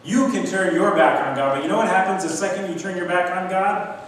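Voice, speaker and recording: Earnest pastor preaching in a roomy hall. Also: male voice, high-pitched, brisk, fairly bright tone, a little hiss or hum. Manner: earnest, emphatic, builds to repeated points. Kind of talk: sermon. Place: church sanctuary. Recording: echoey church hall from far off.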